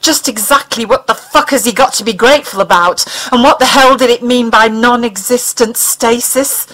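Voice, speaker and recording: A woman's voice: on the high side, moderate pace, a bit bright, low-quality recording. A woman narrating a dramatic audiobook. She reads with expression, pressing into the tense passages and inner thoughts of the story. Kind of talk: dramatic fiction reading.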